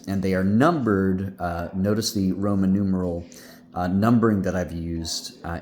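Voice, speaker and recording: Low-voiced male teacher, rambling lecture. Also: a little mellow. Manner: rambling, many fillers and restarts; hums out rhythms with "ba ba". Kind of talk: recorded lecture.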